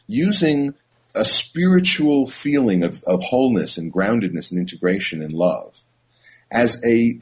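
A man, a therapist, telling a personal story in a halting, reflective way with many fillers and restarts. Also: medium pitch, breathy edge. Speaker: psychotherapist. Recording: dull lo-fi recording.

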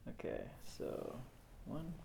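A man's voice: slow, warm tone, slight background noise. A man running a family tabletop game as game master, narrating playfully and often laughing.

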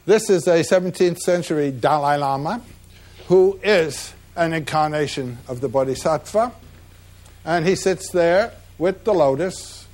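A man giving a measured, reflective lecture about slides, pausing often with "uh" between phrases. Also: a little high, a little mellow. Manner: measured, reflective, with frequent pauses and "uh" fillers.

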